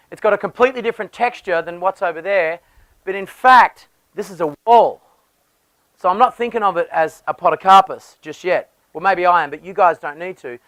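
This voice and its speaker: A man's voice: high-pitched, a bit bright, no echo, low-quality recording. A man, a landscape designer, explaining garden design with enthusiasm and often restarting his phrases.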